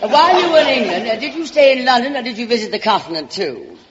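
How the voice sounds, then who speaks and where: A woman's voice: on the high side, sing-song, fast, lo-fi sound, crowd noise. Theatrical drawling woman host. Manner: theatrical, drawling, calls people darling. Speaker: radio show host. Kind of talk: 1940s radio comedy banter. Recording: hissy old radio broadcast with reverb.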